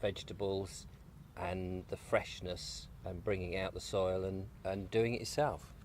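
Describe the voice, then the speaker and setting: Guy rambling and joking over breakfast outdoors, lowish voice, bit of background noise. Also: little pitch movement, a little slow, darkish tone. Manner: rambling, jokey, talks while eating. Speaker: guest, video maker. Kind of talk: casual outdoor chat. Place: outdoors on an allotment.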